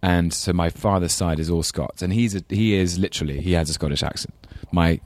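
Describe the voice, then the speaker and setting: A man's voice: sits low, brisk, darkish tone, no echo. A man with an English London accent, a guest on a talk show, chatting in a thoughtful, rambling way and laughing easily. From England. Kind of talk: casual chat.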